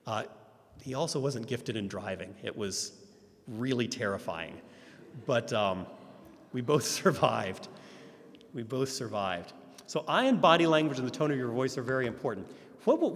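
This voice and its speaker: A man teaching a class on ministry, often putting rhetorical questions to his audience. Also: medium pitch. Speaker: Christian ministry instructor. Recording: echoey hall reverb.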